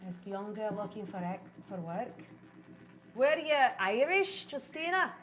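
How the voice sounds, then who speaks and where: A woman from Iowa, a paranormal investigator reacting excitably on a live ghost-hunting stream. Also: mid-range voice, slight background noise, rough recording. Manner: excitable, quick reactions, exclamatory.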